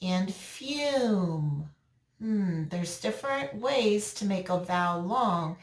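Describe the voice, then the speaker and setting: A woman teacher giving a recorded phonics lesson to young children, slow and patient, drawing out words for them. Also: mid-range voice, expressive. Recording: roomy echo, mic at a distance.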